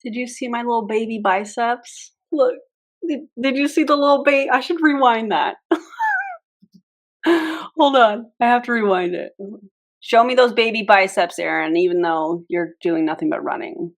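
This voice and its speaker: A woman's voice: fairly high pitch, big pitch swings, unhurried. A woman reacting to her own old videos in casual commentary, full of wry, sarcastic asides.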